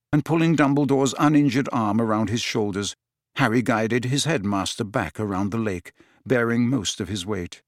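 A man's voice: fairly low pitch, moderate pace, no room sound, clean studio sound. Man narrating a dramatic audiobook. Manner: dramatic, varied reading.

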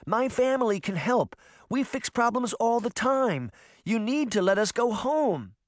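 Man doing a defiant eleven-year-old girl for an audiobook, high, pushy and insistent. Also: wildly swooping pitch, moderate pace, no echo, studio quality, exaggerated voice. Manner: insistent, pleading.

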